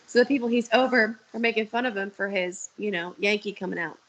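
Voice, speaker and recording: A woman's voice: medium pitch, fast talker, a bit bright, rough recording. A young woman talking candidly on a video call, telling stories and swearing freely. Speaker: guest. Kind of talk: casual chat.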